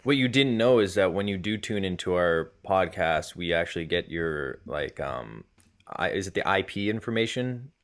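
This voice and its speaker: A man's voice: sits low, lively intonation, moderate pace. A man co-hosting a podcast in casual chat, joking and rambling with restarts. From Massachusetts. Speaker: podcast co-host.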